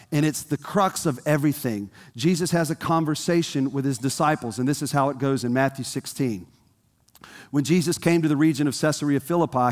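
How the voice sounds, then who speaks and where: A man preaching a sermon in a conversational way, asking the congregation questions, recorded in a church. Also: fairly high pitch. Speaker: pastor. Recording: long hall reverb.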